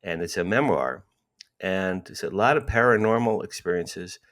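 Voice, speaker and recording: This podcast guest, a man in his sixties from New Jersey, has a low-sitting, fairly bright voice and a moderate pace. Animated throughout the storytelling interview, he performs the dialogue and repeats himself to drive points home.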